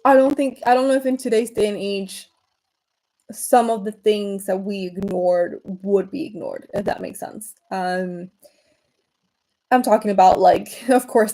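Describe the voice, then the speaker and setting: Woman, mellow tone, loose rambling livestream chat full of fillers. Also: medium pitch, a little slow, poor audio. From Venezuela. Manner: rambling, frequent fillers and restarts. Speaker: livestream host.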